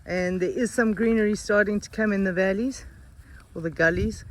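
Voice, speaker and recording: A woman narrating a vlog from a truck on a dry farm road, chatty and easygoing. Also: moderate pace. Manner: chatty, coos to cows in a high baby voice. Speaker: animal rescue volunteer. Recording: loud wind and vehicle noise outdoors. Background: truck engine, cows, cowbells.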